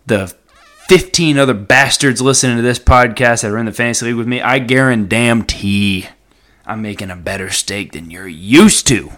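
A young man hosting a casual solo podcast, rambling and joking, with sudden loud outbursts. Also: medium pitch, normal speed. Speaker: podcast host.

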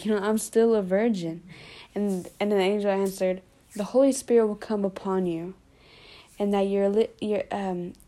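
A woman with a mellow, warm tone retells a Bible story in a relaxed, informal way. She keeps dropping in "basically", "like" and "you know" as she goes, talking like a friend leading a study group. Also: medium pitch.

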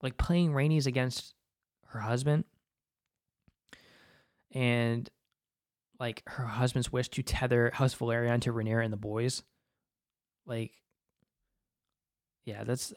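Male TV reviewer, mid-pitched, dry close sound, loose and profane, rambling fillers. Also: fairly even intonation, slow, long pauses, dry recording. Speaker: TV episode reviewer. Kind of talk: casual spoken commentary.

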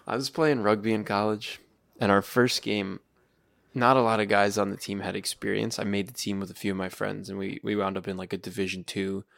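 A young male podcast co-host talking in a low, gravelly voice. He tells animated stories and jumps into higher voices when he quotes people. The sound is close and dry. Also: fairly quick, no room sound. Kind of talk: casual chat.

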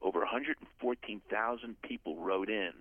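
A man's voice: on the low side, moderate pace, slightly rough, no room sound. An older man from the USA, a guest author telling his personal testimony in an earnest, storytelling way. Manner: earnest storyteller, acts out quoted voices. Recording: phone-line audio.

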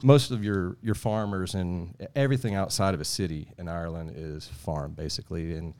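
Podcast guest, low voice, rambling folksy storyteller. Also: male voice, steady tone, moderate pace, a little mellow. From Texas. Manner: rambling, folksy, chuckling asides. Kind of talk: casual storytelling.

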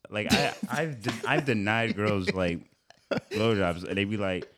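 A man co-hosting a casual podcast, talking with a lot of swing in his pitch. He breaks into laughter often and acts out little bits of dialogue as he goes. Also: lively intonation, a little slow, fairly bright tone, slight background noise. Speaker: podcast co-host. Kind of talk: casual chat.

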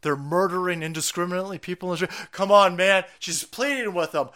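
A man's voice: high-pitched, fast, hardly any pauses, bright, forceful tone. A man giving sarcastic, foul-mouthed live-stream commentary in a mocking, ranting manner.

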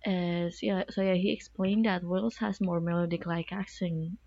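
A woman student in a casual discussion, talking haltingly with many fillers. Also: fairly low pitch, steady tone, a little mellow, dull audio.

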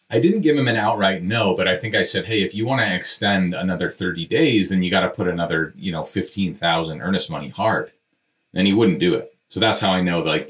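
A man hosting a podcast, telling a frank, conversational story and swearing casually while he speaks straight to his listeners. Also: sits low. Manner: conversational, addresses listeners directly. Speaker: podcast host and real estate developer. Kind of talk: candid storytelling monologue.

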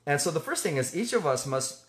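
Earnest man teaching in halting speech. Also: on the high side, big pitch swings. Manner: earnest, halting, with many fillers and restarts. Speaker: ministry co-host. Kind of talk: conversational faith teaching.

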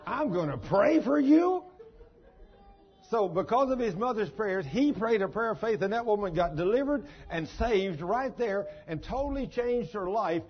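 High, husky-voiced storytelling preacher. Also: male voice, expressive, moderate pace, hardly any pauses, lo-fi sound, some chatter behind. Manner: folksy, storytelling, emphatic. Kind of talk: sermon.

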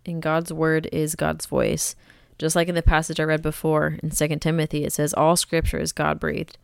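A woman's voice: low-pitched, gravelly, a little mellow, smooth, dry recording, clean studio sound. A young woman hosting a faith podcast, talking in an earnest, conversational, encouraging way. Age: young adult. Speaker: podcast host.

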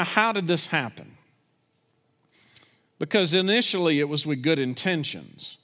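A man preaching a sermon as pastor, slowing down to voice emphatic prayers to God. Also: mid-range voice, a bit bright. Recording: reverberant church hall.

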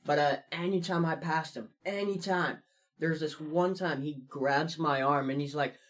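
Young man, casual chat, excitable storyteller, profane. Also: fairly high pitch, moderate pace. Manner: excitable, swearing, laughs through stories.

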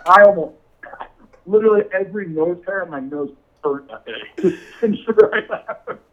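A man's voice: high voice, normal speed, muffled recording. A man telling a funny story in casual chat, laughing often and saying "dude" a lot. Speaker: podcast guest.

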